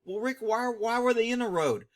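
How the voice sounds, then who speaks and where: A man's voice: extremely high pitch, animated, moderate pace. A middle-aged man commenting on a video clip, mocking it and laughing constantly between phrases. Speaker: vlog host.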